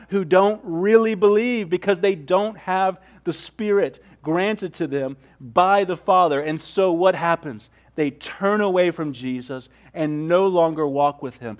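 A man preaching a sermon, earnest, moving between fervent prayerful passages and hushed, soft teaching. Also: sits high. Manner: earnest, swings from loud fervor to hushed softness. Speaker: pastor.

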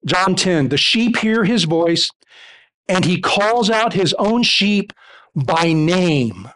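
A man's voice: high voice, expressive, slow, a bit bright. A male pastor preaching a sermon to his congregation, speaking emphatically with building repetition.

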